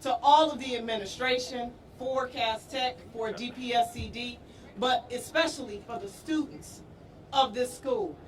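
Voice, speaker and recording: A woman, a deputy mayor giving an emotional, rousing outdoor speech that builds to shouting. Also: on the high side, unhurried. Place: outdoor rally at a school parade. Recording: distant outdoor news mic with street noise.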